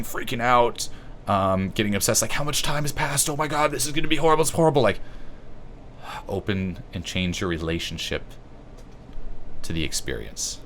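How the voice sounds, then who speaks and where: A low-voiced man whose first language is French rambles through a casual self-help talk. He swears freely and hunts for words now and then. A faint hum of ambience sits behind him. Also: fairly bright tone. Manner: loose and profane, with a slight halting quality. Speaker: YouTube host.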